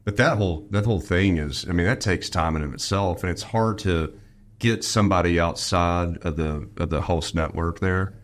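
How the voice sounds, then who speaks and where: Very low-voiced man chatting casually. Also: normal speed. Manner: talkative, explains with many fillers. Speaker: podcast studio owner, guest. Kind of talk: casual chat.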